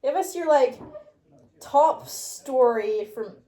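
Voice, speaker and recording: A woman's voice: high voice, expressive, slow pace, mellow, reverberant. A young woman from England with a British accent, telling stories in a casual chat as host. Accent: British English. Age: young adult. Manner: chatty storytelling, laughs often. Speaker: podcast host.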